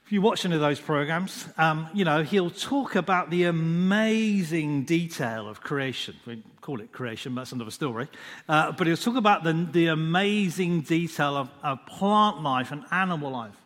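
A man's voice: on the high side, animated, fairly bright tone. Man preaching in a reverberant hall. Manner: unhurried, repeats "just" often, dwells on single words. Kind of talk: sermon.

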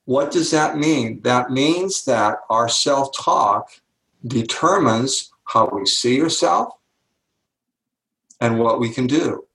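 Older male guest speaker with a gravelly voice, slow emphasis on key words, echoey room. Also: mid-range voice, lively intonation, fairly bright tone. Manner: slows down to stress key words, acts out quoted voices. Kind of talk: interview storytelling.

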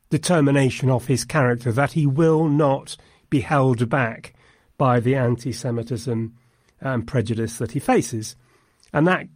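A man's voice: mid-range voice, darkish tone. A man talks through a film's themes in an easy, analytical way, adding the odd wry aside. His voice sits in an ordinary middle register and sounds dry and close, with no room echo. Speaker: film podcast co-host. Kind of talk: conversational film discussion.

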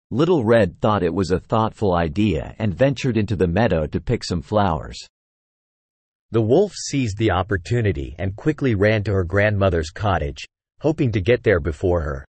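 Brief: male fairy-tale narrator, low and husky, dry close sound. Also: animated, moderate pace, a little mellow, no echo. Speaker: storyteller.

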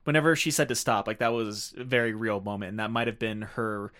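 A man's voice: fairly low pitch, steady tone, fairly quick, fairly bright tone. A man co-hosting a podcast, talking about a film in casual chat, rambling with many filler words. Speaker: podcast co-host.

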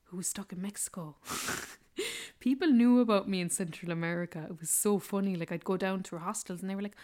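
A young Irish woman hosting a podcast, telling a travel story in a chatty, animated way. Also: medium pitch, normal speed. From Ireland. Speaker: podcast host.

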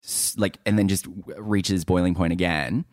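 A man with a very low, deep voice talks through a reality-show recap in relaxed podcast banter. His delivery is loose and jokey, full of quick asides. The recording is dry, with no room sound. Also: no room sound. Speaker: podcast co-host.

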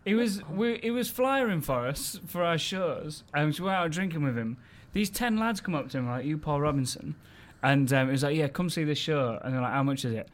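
Brief: English male comic, podcast co-host, lively anecdote teller, slightly high voice, laughs as he talks. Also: a little fast, hardly any pauses. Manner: animated storyteller, laughs through his stories, swears freely. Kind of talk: casual anecdote-telling chat.

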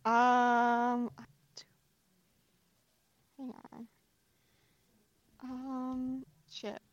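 A woman's voice: a little high, completely flat delivery, extremely slow, muffled recording. A woman playing a tabletop game, reacting with hesitant ums and casual swearing. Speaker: player.

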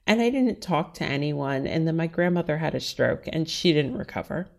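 A woman's voice: low voice, expressive, moderate pace, creaky. A woman from the Washington, D.C. area, talking frankly and chattily as an interview guest. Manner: frank, chatty, heavy use of "like". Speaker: interview guest, writer and stylist. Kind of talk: candid personal interview conversation.

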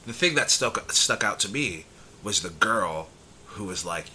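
A man's voice: low voice, lively intonation, measured pace, sharp tone, husky. A young man co-hosting a podcast in casual chat, chatty, laughing often and trailing off mid-sentence. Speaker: podcast co-host.

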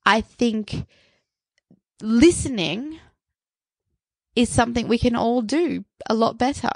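A woman's voice: a little high, takes it slowly, no echo. A woman in her thirties co-hosting a casual podcast chat, rambling with lots of fillers and frequent laughter. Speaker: podcast co-host.

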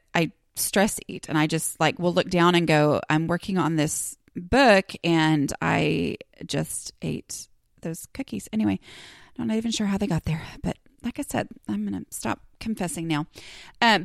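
A woman's voice: on the low side, no echo, clean studio sound. A woman in her forties hosting her own podcast, talking in a chatty, confessional way and acting out her own past thoughts. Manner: chatty and confessional, slips into lively acted-out quotes. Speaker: podcast host. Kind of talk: casual solo podcast monologue.

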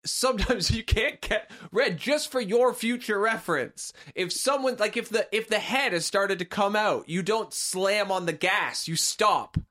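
A man with a notably high voice co-hosting a comedy podcast. He trips over his first words before landing a deadpan, absurd joke. He keeps the delivery flat and matter-of-fact. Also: unhurried, hardly any pauses. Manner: deadpan absurd jokes, hesitant restarts. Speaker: podcast co-host. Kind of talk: comedic casual chat.

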